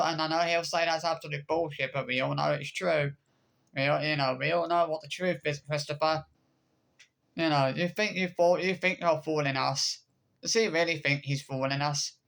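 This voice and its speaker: A man vlogging to camera with a gravelly edge in his fairly high voice. He rants angrily, swearing, stumbling and restarting as he repeats his points. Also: a bit bright. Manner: furious, swearing, repetitive, hesitant restarts. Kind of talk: angry rant to camera.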